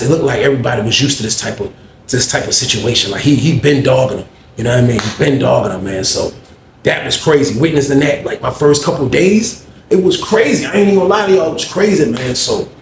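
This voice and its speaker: A man's voice: medium pitch, slight background noise. A man casually telling a story to viewers in a slangy, rambling way, often addressing them as y'all. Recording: roomy echo, faint ambience.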